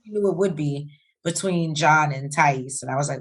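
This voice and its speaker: A woman's voice: deep voice, moderate pace. A woman co-hosting a casual reality-TV recap, telling scenes with quoted dialogue. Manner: chatty storytelling with quoted dialogue. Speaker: co-host.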